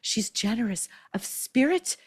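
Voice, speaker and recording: A woman's voice: fairly high pitch, animated, unhurried, husky, voice pushed up. A woman putting on a mocking baby voice to impersonate an actress. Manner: mocking, sugary.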